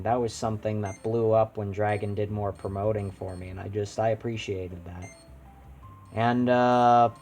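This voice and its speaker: A male streamer talking casually to his chat, rambling and halting, with many restarts. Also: lowish voice, a little mellow. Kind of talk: casual live-stream talk.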